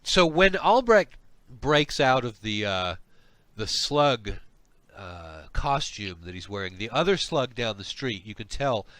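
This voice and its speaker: A man narrating as game master of a tabletop game, halting and full of restarts. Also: medium pitch, big pitch swings, fairly bright tone, no echo.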